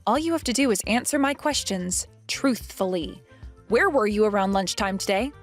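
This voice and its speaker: A woman's voice: mid-range voice, expressive, normal speed, faint music behind, lightly acted. A woman voicing a young pregnant wife who questions others in a firm, earnest way. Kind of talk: animated story voice acting.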